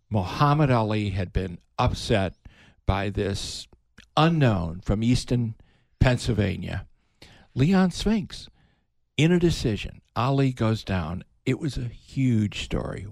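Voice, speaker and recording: An older man, a veteran broadcaster, telling animated stories in a casual interview, his voice jumping up when excited. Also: vocal fry, no echo. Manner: animated storyteller, pitch jumps up when excited. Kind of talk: reminiscing in casual conversation.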